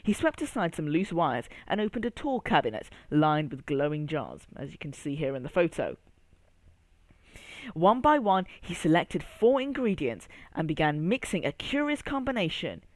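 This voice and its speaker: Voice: medium pitch, moderate pace, dry recording. A storyteller reading a children's story aloud, speaking straight to young listeners. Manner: addresses young listener, expressive.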